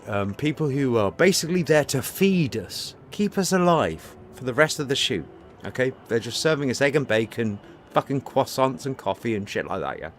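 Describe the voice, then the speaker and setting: A male streamer rants to his chat in a loose, swearing flow, circling back on his own words. His voice sits mid-pitch with a faint hum of room noise behind it, and he turns a tale into a sermon. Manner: profane, emphatic, repeats himself; storytelling, preachy. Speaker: live streamer. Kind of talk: rambling live-stream rant.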